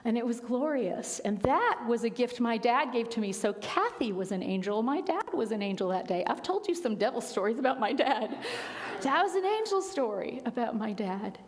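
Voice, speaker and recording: A woman minister giving a sermon, telling stories in a conversational way with quiet, emphatic asides. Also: a little high, sing-song, moderate pace, long reverb tail. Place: church sanctuary.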